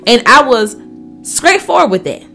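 A woman delivers a fervent sermon-style Bible teaching, her voice sitting a little high and rising and falling dramatically as she drives her points home. Her delivery is emphatic and personal, and soft music plays faintly behind her. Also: very animated, normal speed, gravelly. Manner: fervent, emphatic, addresses listeners as y'all. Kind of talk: Bible reading with preaching commentary.

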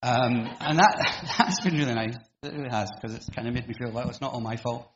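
A man's voice: mid-range voice, fairly quick, a crowd in the background. A middle-aged man giving an informal sermon in church, chatty and self-deprecating, with frequent ums and restarts. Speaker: preacher. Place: church hall. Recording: echoey hall, slightly dull sound.

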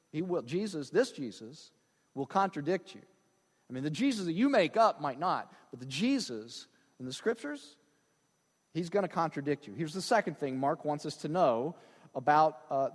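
A man delivers a sermon with real drive, hammering points home by saying them twice. His voice sits high and swings widely in pitch. A long reverb from a large hall trails after every phrase. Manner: animated, emphatic, repeats phrases for stress. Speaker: pastor.

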